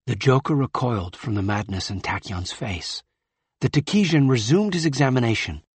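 A man narrating a novel in a measured, grave manner. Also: medium pitch, expressive, husky, no echo. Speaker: audiobook narrator. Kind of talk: scripted narration.

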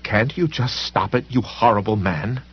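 Male reader doing a furious, tearful woman, lively pitch, slightly dull audio. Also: normal speed, husky. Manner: bitter and accusing. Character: angry, tearful woman defending a friend.

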